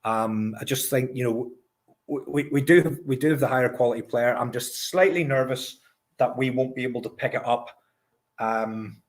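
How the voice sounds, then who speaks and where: Scottish male co-host, mid-pitched, measured but halting delivery. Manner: hesitant, repeats words at the start of phrases. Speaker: podcast co-host. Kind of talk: casual football podcast chat.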